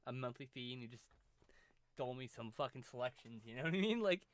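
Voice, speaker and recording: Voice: mid-range voice, lively intonation, fast talker. A rambling, profane co-host in casual chat on a live stream. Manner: rambling, profane, restarts often. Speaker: podcast co-host.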